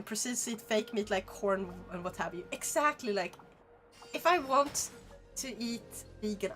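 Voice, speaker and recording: A young woman with a Swedish accent, chatting casually with her stream viewers, blunt and sweary. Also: medium pitch. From Sweden. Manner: animated, blunt, swears freely.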